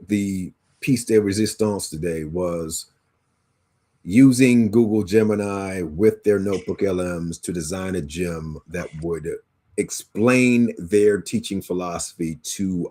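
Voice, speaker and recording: A man co-hosting a casual chat about teaching, relaxed and slangy, trailing off with fillers and restarts. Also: deep voice, unhurried. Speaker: podcast co-host, educator.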